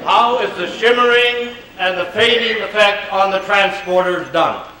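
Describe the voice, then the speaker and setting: A man's voice: high voice, a little slow, a crowd in the background, poor audio. An older man with a slightly raised voice answers questions from an audience. His talk is loose and rambling, full of small restarts, and it turns playful and theatrical now and then. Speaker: guest speaker. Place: auditorium.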